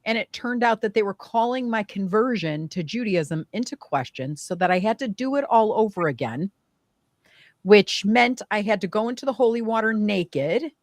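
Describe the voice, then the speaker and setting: A young adult woman telling a painful personal story in conversation, emotional and animated, with many fillers. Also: mid-range voice, normal speed, dry recording, studio quality. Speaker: guest.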